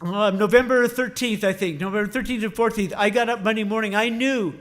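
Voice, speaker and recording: A man's voice: sits high, a little fast. A middle-aged man, a veterinary professor, giving a humorous storytelling speech and animatedly acting out the quotes. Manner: animated, shouts and acts out quotes for comic effect.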